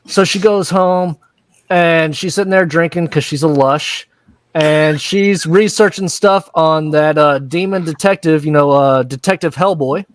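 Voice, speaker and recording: A man's voice: on the high side, a little slow, no room sound. A man hosting a casual recap, retelling scenes with crude jokes and quoted lines. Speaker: recap host.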